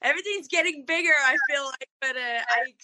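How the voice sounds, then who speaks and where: High bright French-accented woman. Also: brisk, poor audio. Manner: hesitant, many fillers. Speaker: guest, monster truck driver. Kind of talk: casual radio interview.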